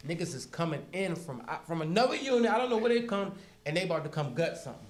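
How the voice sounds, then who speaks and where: A man's voice: sits high, racing, few pauses, roomy sound. A man from Harlem, New York, a guest in a casual interview, telling stories animatedly and acting out voices with frequent laughs. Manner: animated, acts out prison dialogue, laughs often.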